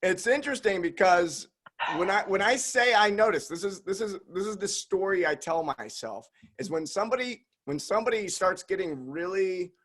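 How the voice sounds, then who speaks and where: A man with a slight Southern drawl hosting a podcast interview. He has a relaxed, pleasant manner and thinks aloud with many restarts. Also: sits high, normal speed. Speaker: podcast host. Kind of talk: casual conversational interview.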